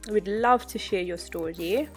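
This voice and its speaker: A woman's voice: medium pitch, unhurried, faint music behind. Chatty woman podcast co-host. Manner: chatty, animated storytelling. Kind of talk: casual chat.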